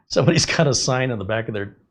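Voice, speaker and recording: Middle-aged male stream host, casual, animated storyteller, laughs easily. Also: medium pitch, fast. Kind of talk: casual live-stream chat.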